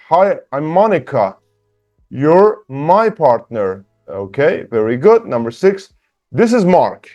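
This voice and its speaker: A man teaching beginner through a workbook, patient, slowly spelling out sounds and repeating words. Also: on the high side. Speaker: English teacher. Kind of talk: slow workbook lesson for beginners.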